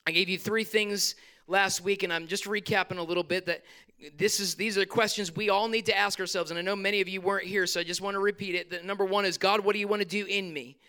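A man's voice: high voice, fairly even intonation, quick pace, bright, forceful tone, smooth. A male pastor, preaching a conversational sermon in a church, acting out his prayers and quotes. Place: church sanctuary.

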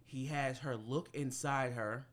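A young man hosting a podcast, telling a story in casual chat, animated and slangy and swearing freely. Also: mid-range voice, a little slow. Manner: animated and slangy, swears freely, gets loud when outraged. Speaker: podcast host.

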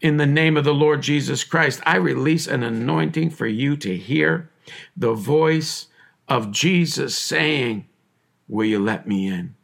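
A man's voice: fairly high pitch, a little slow, creaky, fairly bright tone. A man preaching a sermon with fervent, repetitive cadence.

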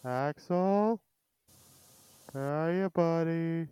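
A man hosting a casual podcast over an online call, retelling cartoon scenes and quoting lines with animated energy. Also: on the high side, very slow, clean tone, dry recording. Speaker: podcast host. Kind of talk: casual chat recapping a cartoon.

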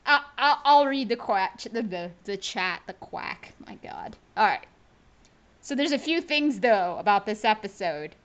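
A woman co-hosting a casual podcast over a video call, playful and quick to laugh. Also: medium pitch, muffled recording. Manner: laughs often, animated and playful. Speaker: podcast co-host. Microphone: home mic on a video call.

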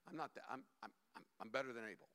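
A man voicing a resentful, proud young man who mutters his boasts in a low voice. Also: racing, sharp tone, lightly acted. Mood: sulky.

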